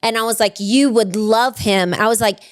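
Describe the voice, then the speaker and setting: A woman guest telling a family story in casual chat, animated and laughing, with many fillers. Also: a little high, normal speed, no echo. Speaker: podcast guest.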